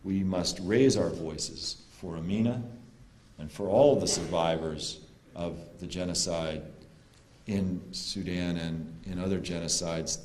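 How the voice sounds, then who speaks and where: A man's voice: low-pitched, takes it slowly, a little mellow, slight background noise. A man giving an earnest, rallying closing speech to an audience at a panel. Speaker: panel speaker. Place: lecture hall. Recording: roomy hall reverb.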